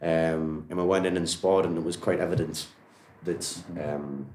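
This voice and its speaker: This Newcastle martial arts coach has a deep, darkish voice and talks at a normal speed with fairly even intonation. Speaking in Geordie, he spins friendly, meandering tales full of "you know" and "like" during a casual interview. The sound is reverberant.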